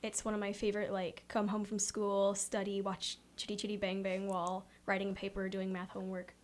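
A woman's voice: mid-range voice, monotone, a little fast. Eager young woman actor. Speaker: cast member. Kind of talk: casual interview chat.

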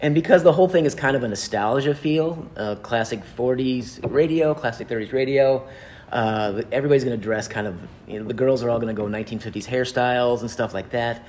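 A man's voice: medium pitch, brisk, a little mellow, slight background noise. Chatty man promoting a show. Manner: chatty, upbeat, hesitant fillers. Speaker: show organizer. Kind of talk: casual interview chat.

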